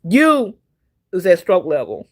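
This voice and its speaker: Her fairly low voice swoops wildly in pitch, and she takes things slowly. She's a livestream host in a casual stream, telling a long, repetitive personal story packed with fillers and breaking off now and then to say hello to viewers by name.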